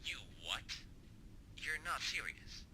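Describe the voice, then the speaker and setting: A man's voice: fairly high pitch, very animated, slow pace, sharp tone, a little hiss or hum, full character voice. An actor playing a blunt male radio handler who coaches a lost partner, curt and swearing, heard over a radio transmission in a video game. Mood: tense.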